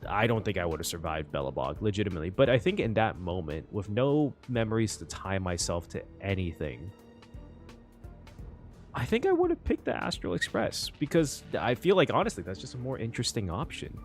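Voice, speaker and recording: A man reacting to a game story, reading lines aloud and thinking out loud with many restarts. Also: lowish voice, big pitch swings, fairly quick, soft background music. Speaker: reaction content creator.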